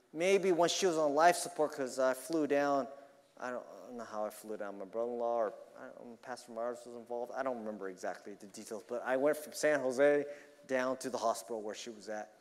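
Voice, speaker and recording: A man preaching a sermon earnestly, swinging between loud emphasis and quiet, confiding asides. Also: medium pitch, big-room sound.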